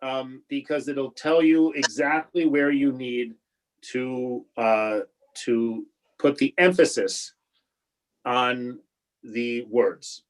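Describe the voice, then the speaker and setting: Male rabbi, online class, video call audio, halting speech, lots of restarts, patient, mid-pitched voice. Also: fairly even intonation, low-quality recording. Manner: halting, with many restarts and fillers; patient and encouraging. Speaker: rabbi teaching a bar and bat mitzvah class. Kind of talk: online class teaching Hebrew prayer reading.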